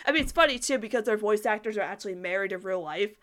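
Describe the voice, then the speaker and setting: A woman's voice: mid-range voice, fast talker, fairly bright tone. A woman giving a casual, enthusiastic spoken review of a cartoon episode, filling her talk with "like" and restarts. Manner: chatty, heavy use of "like", frequent restarts; enthusiastic, breaks into laughter.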